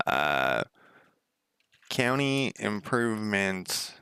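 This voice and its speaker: A man's voice: fairly low pitch, big pitch swings, drawn-out words, vocal fry, pushed and bright, clear, resonant tone, dry recording. A young man casually thinking aloud while coding on a stream, muttering to himself with wry asides and the odd swear. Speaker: game developer streaming.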